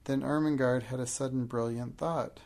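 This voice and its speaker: A man narrating a storybook in a measured, even reading. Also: mid-range voice, creaky. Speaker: audiobook narrator.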